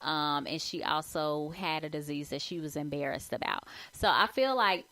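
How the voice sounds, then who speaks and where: Lower-voiced woman in animated chat. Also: moderate pace. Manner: animated, conversational, swings high when emphatic. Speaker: podcast co-host. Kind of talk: casual chat.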